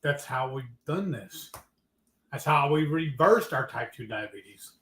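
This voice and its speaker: A man's voice: medium pitch, expressive, unhurried, a bit bright. A man co-hosting a livestream cooking show, dropping short, dry asides into a casual chat. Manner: dry, wry interjections. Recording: roomy echo.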